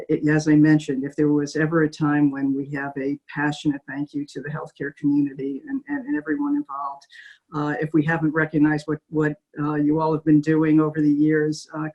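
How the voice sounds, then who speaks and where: A middle-aged woman hosting an interview, speaking haltingly with many fillers and restarts. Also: low voice, darkish tone, rough recording. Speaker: interviewer host. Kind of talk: video call interview.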